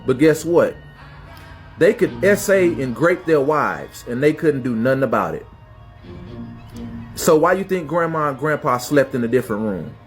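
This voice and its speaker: A man giving a preachy, emphatic monologue as a social media commentator. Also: a little high. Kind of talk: lecturing monologue.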